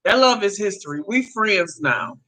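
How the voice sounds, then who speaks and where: A woman in her fifties telling a personal story to her viewers in a casual, animated way, laughing often. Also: mid-range voice, moderate pace, poor audio. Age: 50s. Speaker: vlogger.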